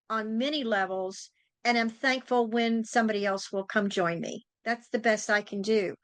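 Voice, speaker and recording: Female talk host, psychic, chatty storyteller, fairly high voice, dry close recording. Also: fairly bright tone, no room sound. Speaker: psychic and tarot teacher, podcast host. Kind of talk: casual interview chat.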